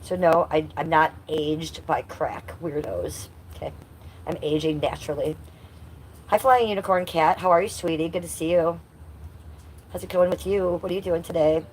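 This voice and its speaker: A woman's voice: low-pitched, normal speed, slight background noise. Blunt woman in her fifties, livestream host. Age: 50s. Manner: blunt, swears at rude chatters; sing-song baby talk to her cat. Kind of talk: casual livestream chat.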